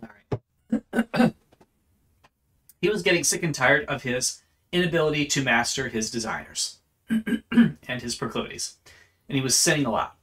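A man lectures on church history in an earnest, explanatory way, often doubling back on a word before going on. His voice is bright and forceful and sits at an ordinary middle pitch. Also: animated, normal speed, long pauses. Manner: earnest, explanatory, with frequent restarts. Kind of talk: unscripted lecture.

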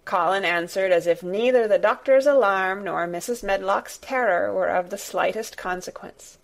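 A woman's voice: medium pitch, moderate pace, creaky. Woman narrating an audiobook. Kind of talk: scripted narration.

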